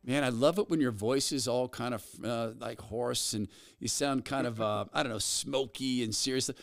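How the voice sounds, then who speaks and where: A man hosting a talk show, telling stories with animated energy. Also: medium pitch, moderate pace, gravelly, dry recording. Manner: animated storyteller. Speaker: host. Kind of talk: talk radio banter.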